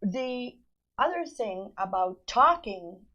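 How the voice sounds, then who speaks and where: Slow, deliberate older woman giving advice. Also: fairly high pitch, animated, pushed and bright, dull audio. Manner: slow and deliberate, with pauses and fillers. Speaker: grandmother and parenting guest. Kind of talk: calm advice talk.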